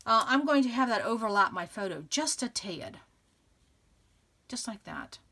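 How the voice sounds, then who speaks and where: This scrapbooking channel host has a bright, forceful voice that sits on the high side, expressive and at a measured pace. Narrating a casual crafting tutorial, she chats cheerfully while working, frequently laughing and talking through her thoughts.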